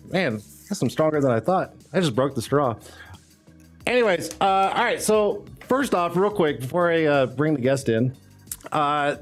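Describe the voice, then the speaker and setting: Rambling, hyped live stream host man. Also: fairly high pitch. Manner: loose, rambling, hype talk with frequent "uh" and laughs. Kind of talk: casual live stream chat. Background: faint background music.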